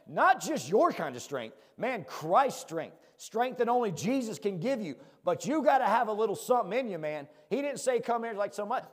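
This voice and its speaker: Pastor, male, country accent, fairly high voice, punchy casual sermon delivery. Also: in a large hall. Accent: rural American country. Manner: fired-up, self-deprecating, keeps asking "right?". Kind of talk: conversational sermon.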